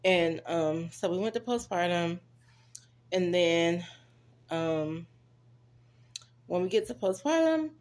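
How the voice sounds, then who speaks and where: A woman's voice: lowish voice, lively intonation, slow, long pauses, darkish tone. A young woman casually telling her own story to viewers, chatty and direct, acting out what others said. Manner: chatty, addresses viewers as y'all, acts out quoted voices.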